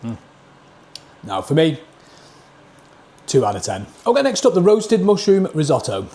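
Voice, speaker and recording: Sitting on the high side with huge swings in pitch, this man's mellow voice keeps a measured pace. He has a Northern English accent and reviews food casually on a vlog, sampling dishes at a table into a camera mic. Blunt and plain-spoken, he rates every dish out of ten.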